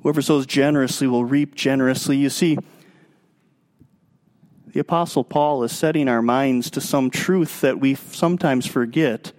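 A man preaching a sermon as pastor, emphatic, moving between raised passages and quiet, drawn-out stretches. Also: medium pitch. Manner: emphatic, swinging between raised and hushed delivery.

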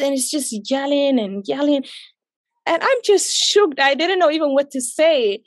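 A young woman with a high-sitting voice speaks at normal speed in a recording with no echo. As an interview guest, she emotionally tells a personal story in conversation, quoting what people said to her.

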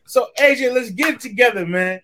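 A man's voice: very high-pitched, fairly quick, sharp tone. A man co-hosting a live sports talk show, hyped and goofy, firing up a fighter. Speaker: co-host. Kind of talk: casual live-show chat.

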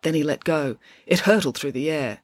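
A woman narrating a children's adventure book in an expressive storytelling manner. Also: sits low, moderate pace, no echo, clean studio sound. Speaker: audiobook narrator.

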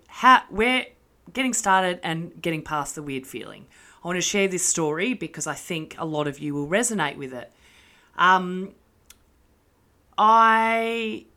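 A woman's voice: fairly low pitch, a bit bright. A woman, talking candidly and self-mockingly to her listeners, swearing freely. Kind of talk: casual monologue.

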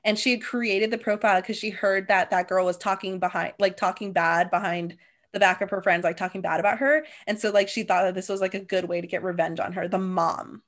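A woman's voice: mid-range voice, steady tone, a little fast. A young adult woman co-hosting a podcast, telling stories in casual chat and saying "like" a lot. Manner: chatty storyteller, heavy use of "like". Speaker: podcast co-host.

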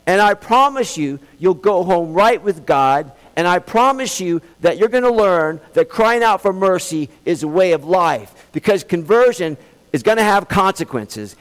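Male preacher, fairly high voice, earnest and pleading, long hall echo. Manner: earnest, pleading, slows for emphasis. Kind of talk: sermon.

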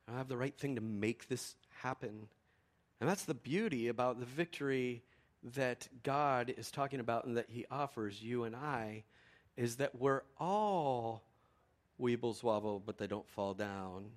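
A middle-aged male pastor telling a lively story in a sermon, swinging from excited exclamations to quiet, earnest reflection. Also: medium pitch, a little slow.

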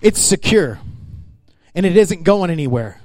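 Higher-voiced man preaching a sermon. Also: animated, a little slow, a little mellow, no room sound. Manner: emphatic, conversational preaching that addresses the congregation directly. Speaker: pastor.

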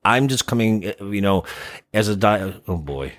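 Earnest low-voiced male podcast host. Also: lively intonation, a little slow, no echo. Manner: earnest, reflective, opinionated. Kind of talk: casual podcast chat.

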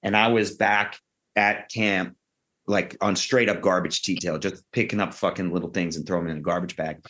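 A man with a fairly low voice, swapping stories on a podcast. He talks in an animated, profane, freewheeling way and builds his anecdotes with plenty of energy. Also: normal speed. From Queens, New York. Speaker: actor guest. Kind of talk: casual podcast storytelling.

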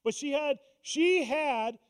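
Pastor type, male, higher-pitched voice, casual preaching style with wry asides to the congregation. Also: slow. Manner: conversational preaching with self-deprecating asides. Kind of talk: sermon. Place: church sanctuary.

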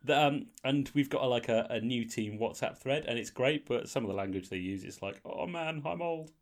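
A man's voice: mid-range voice, brisk. A man in his forties co-hosting a podcast in casual chat, with a mixed English accent gone partly northern, self-mocking and laughing often. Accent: mixed English with northern vowels. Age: 40s. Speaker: podcast co-host.

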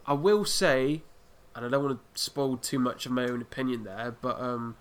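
A man's voice: mid-range voice, normal speed, fairly bright tone, clear, resonant tone. Guy hosting a podcast, chatty, keeps saying "there" and "um". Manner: chatty, lots of fillers like "there". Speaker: podcast host. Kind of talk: casual podcast chat.

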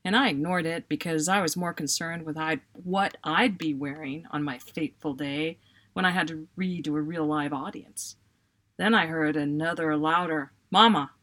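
A woman, a writer, reading aloud her own funny personal story in an expressive, self-mocking way. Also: low voice, moderate pace.

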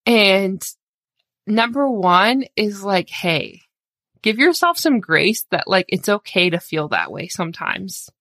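A woman's voice: mid-range voice, sing-song, takes it slowly, a bit bright, dry recording, clean studio sound. A woman in her thirties hosting a solo podcast, talking candidly and encouragingly in a casual conversational way with lots of "like"s. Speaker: podcast host.

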